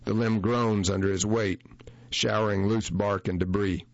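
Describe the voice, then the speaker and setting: A man with a low voice tells a first-person story in a measured, unhurried way. The recording is dry and dull, with no room sound and the top end rolled off. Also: steady tone, no echo. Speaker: narrator. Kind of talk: first-person reading of a magazine feature.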